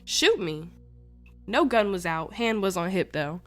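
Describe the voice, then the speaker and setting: A woman's voice: mid-range voice, moderate pace, faint music behind. Young woman telling a raw story. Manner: animated, slangy, swears freely. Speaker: podcast host. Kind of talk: casual storytelling monologue.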